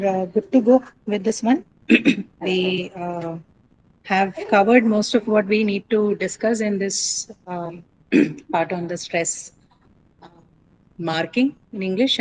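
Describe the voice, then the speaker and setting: A woman teacher giving a classroom lecture, explaining step by step and often checking understanding with quick "right?" and "okay?" questions. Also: mid-range voice, a little mellow, a little hiss or hum, low-quality recording. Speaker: English teacher. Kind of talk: classroom lecture on word stress.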